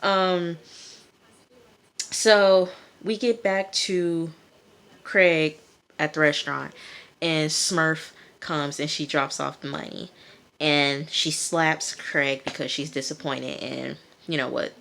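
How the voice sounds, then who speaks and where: Low-voiced woman chatting through a recap. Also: fairly even intonation, takes it slowly, gravelly, fairly bright tone. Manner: chatty, many fillers, addresses viewers as y'all. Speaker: TV episode reviewer. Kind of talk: casual TV episode recap.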